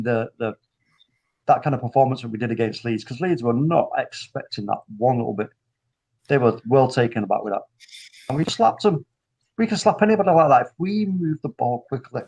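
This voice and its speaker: A man hosting a casual football chat over a video call, talking in animated, rambling bursts full of restarts. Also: mid-range voice, rough recording. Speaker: football podcast host.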